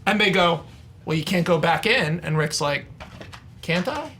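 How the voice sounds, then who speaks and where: A man's voice: moderate pace, slight background noise. A man on a panel debate show, eagerly rambling through ideas and arguments. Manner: excited, rambling pitches, laughs a lot.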